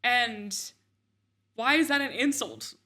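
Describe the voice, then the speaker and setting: A woman's voice: fairly high pitch, animated, slow, sharp tone. A young woman co-hosting a casual chat show, talking in a chatty, opinionated way with lots of filler words. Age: young adult. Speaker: co-host, daughter of the other host.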